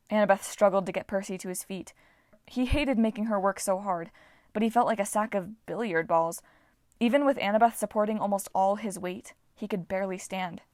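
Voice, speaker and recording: A woman's voice: mid-range voice, a little fast, dry recording. Woman reading a novel aloud, dry close sound. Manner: steady, expressive storytelling. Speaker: audiobook reader.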